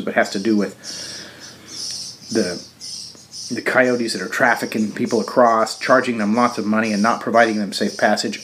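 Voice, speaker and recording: A man hosting a show, giving a casual political commentary monologue in a halting way with frequent restarts and fillers. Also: on the low side, fairly bright tone. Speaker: show host.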